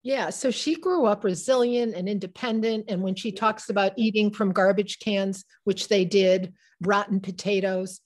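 A woman in her sixties, an author being interviewed, telling personal family stories in a halting, emotional way with many restarts. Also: mid-range voice, steady tone. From Midwest United States. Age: 60s. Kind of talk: reflective personal storytelling.

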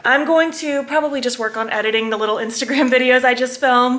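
Vlogger, woman, high bright voice, excitable and giddy, chatting to camera at home. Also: a little fast, hardly any pauses. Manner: giddy, excitable, squealing and laughing often. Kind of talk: casual vlog chat. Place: at home, indoors.

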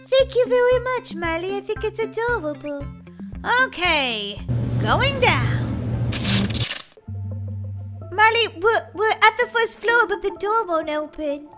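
A woman role-playing in a game, excitable and dramatic, giggling and crying out in playful panic. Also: very high-pitched.

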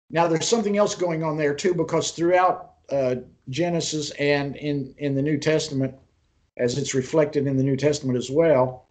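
Higher-voiced man teaching a Bible class. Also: a little mellow. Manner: unhurried storytelling, pauses and restarts mid-sentence; poses questions to the class. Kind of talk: online class lecture.

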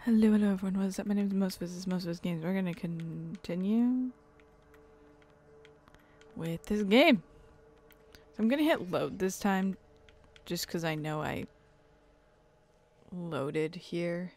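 A woman's voice: on the low side, unhurried, pauses often, darkish tone. Woman rambling over a video game. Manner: rambling, casual, swears at the game. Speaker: gaming channel host. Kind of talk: let's play commentary.

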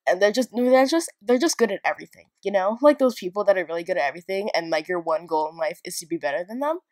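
A young woman talks through a game build in a casual, wandering way, poking fun at herself as she goes. Her voice sits at an ordinary middle pitch for a woman. It sounds close and dry, with no room around it. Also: animated, quick pace, a little mellow, dry recording. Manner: rambling, chatty and self-mocking. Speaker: video game builder and YouTuber. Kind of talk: casual narrated build tour.

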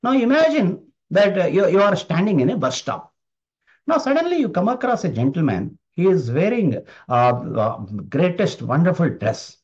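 Motivational speaker, man, fairly high voice, emphatic and repetitive. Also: sing-song, moderate pace, darkish tone. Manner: emphatic, repeats key phrases. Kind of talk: motivational talk. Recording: dull lo-fi recording.

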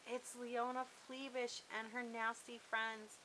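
Muttering pirate boy, bright tone, woman reading a storybook. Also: a little high, flat delivery, takes it slowly, a little hiss or hum, pitched above the performer's own voice, rough recording. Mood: grumbling. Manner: grumbling, muttering. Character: grumbling boy dressed as a pirate. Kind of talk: storybook read-aloud.

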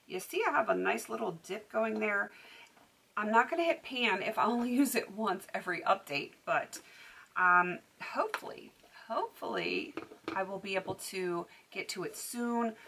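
A woman's voice: mid-range voice, lively intonation, normal speed, vocal fry, pushed and bright, slight background noise. A woman beauty vlogger chatting casually to camera, talkative, with frequent laughs and filler words.

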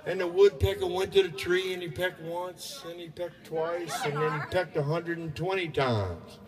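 A man's voice: high voice, moderate pace. A man telling crude jokes at an outdoor party, drawling and laughing at his own punchlines. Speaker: joke teller. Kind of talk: crude stand-up joke telling. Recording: distant voice over chatty party crowd.

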